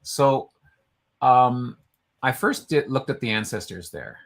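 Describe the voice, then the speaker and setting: Chatting loosely on a casual online show, this co-host reads entries aloud and stumbles over names as he rambles. He speaks slowly in a mid-range, gravelly voice with lively intonation.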